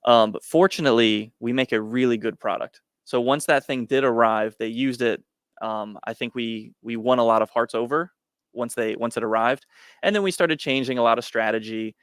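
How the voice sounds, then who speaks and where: Male entrepreneur guest, mid-pitch, plain and matter-of-fact, dry studio sound. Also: normal speed, clear, resonant tone, no echo. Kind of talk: interview answers.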